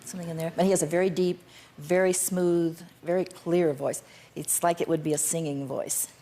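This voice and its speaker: A woman's voice: on the low side, steady tone, moderate pace, dark tone. An older woman, a guest on a talk show, who answers in a curt, defensive and insistent way. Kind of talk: studio interview.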